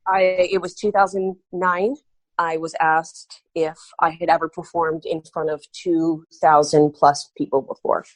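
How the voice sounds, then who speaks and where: A woman's voice: low-pitched, little pitch movement, unhurried, no room sound. A woman guest on a podcast, telling a story animatedly and acting out quoted dialogue. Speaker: guest artist.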